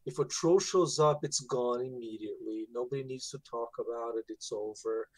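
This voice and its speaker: A man who moderates a streamer's channel, chatting on a live stream in an emphatic, animated way. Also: mid-range voice, moderate pace, no room sound. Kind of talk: casual live-stream chat.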